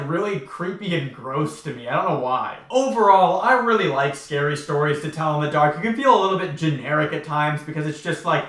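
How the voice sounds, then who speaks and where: A chatty young man in his twenties talks through a book in a loose, wry way, filling his sentences with "like." His voice sits a bit high for a man, and the room around him sounds echoey. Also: fairly bright tone. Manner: chatty, heavy use of 'like', wry. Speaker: book commentary youtuber. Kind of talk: casual commentary.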